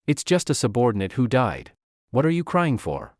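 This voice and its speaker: Guy reading a cold sneering rich brat, dry close mic, pitch jumps around. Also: wildly swooping pitch, moderate pace, no echo. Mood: cold, threatening. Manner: sneering, threatening. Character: arrogant young rich man, bullying and cold.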